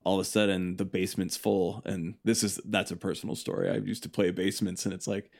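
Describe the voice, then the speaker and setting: A man's voice: deep voice, flat delivery, fast, vocal fry, darkish tone. A young man from the Chicago suburbs, a band guest chatting casually on a podcast, rambling with lots of "like" and acting out quotes. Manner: rambling, heavy on "like", does quoted voices.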